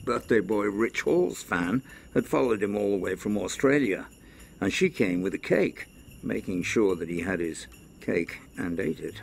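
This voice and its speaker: A man's voice: mid-range voice, gravelly. A man narrating a scripted recap with a dry, wry delivery. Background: music.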